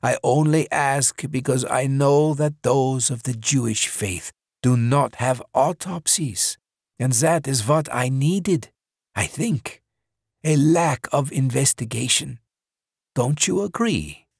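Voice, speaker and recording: Brief: male narrator doing a polite, measured older killer, slow and gravelly. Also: mid-range voice, a little mellow, no echo, studio quality, voice pushed up, heavily acted. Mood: cold courteous. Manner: courteous, measured, coldly apologetic. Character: polite murderous older man with lead.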